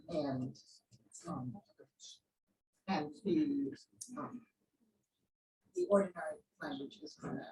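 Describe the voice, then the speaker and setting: Woman lecturer thinking out loud, lots of ums, echoey seminar room, mic a bit far. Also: deep voice, gravelly, a little hiss or hum. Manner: explanatory, thinks aloud with many ums, answers questions.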